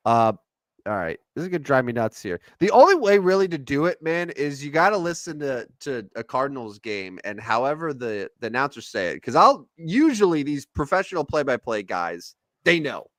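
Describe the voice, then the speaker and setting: A man co-hosting a sports podcast, chatting casually about basketball stats and players with an animated delivery. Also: medium pitch, moderate pace, no echo. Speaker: podcast co-host. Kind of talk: casual sports chat and game commentary.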